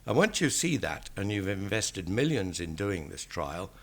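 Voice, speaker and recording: An older English man, a statistician, giving an academic lecture in a measured, dryly wry manner. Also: low-pitched, sing-song.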